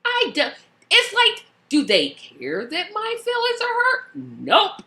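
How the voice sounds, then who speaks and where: A woman with a high, lively voice that swings widely in pitch. She talks in an animated, playfully indignant way in a casual group chat over a video call. Her tone is bright and forward. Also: slow, gravelly. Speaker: co-host.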